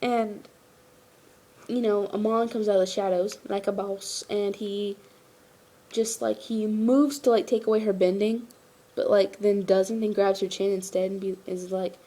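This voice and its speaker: A woman gives a casual episode review. She sounds tired, and she rambles, leaning on "like" and "you know". Her voice is warm and mellow, never sharp. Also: medium pitch, steady tone, measured pace.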